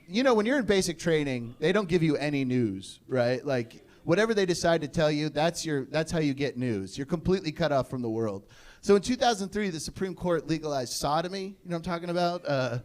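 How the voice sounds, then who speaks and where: A man from Maine in his thirties doing a crude, self-deprecating stand-up set on a stage, telling stories and shouting short impressions. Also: high voice. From Maine, USA. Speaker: stand-up comedian. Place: comedy stage before a laughing audience.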